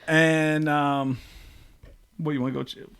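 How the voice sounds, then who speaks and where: Man co-host spinning anecdotes, lively and playful, jumps up for quoted lines. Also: on the high side, slow, clear, resonant tone. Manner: animated, acts out quotes with big voice jumps, laughs often. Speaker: podcast co-host. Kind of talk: casual storytelling chat.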